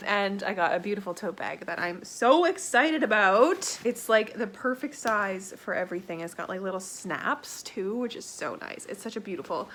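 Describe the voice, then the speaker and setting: A woman's voice: mid-range voice, slight background noise. Stuffy-nosed woman vlogging about books. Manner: emotional, laughs often, drops to soft whispers. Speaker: book vlogger. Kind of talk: casual vlog chat.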